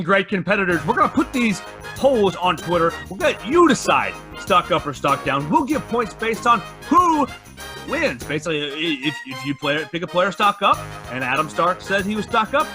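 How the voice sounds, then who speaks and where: A man with a high voice hosts a sports podcast in a put-on game-show announcer style. He booms out every line. Music plays clearly under him. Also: big pitch swings, moderate pace. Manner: booming announcer delivery. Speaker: show host.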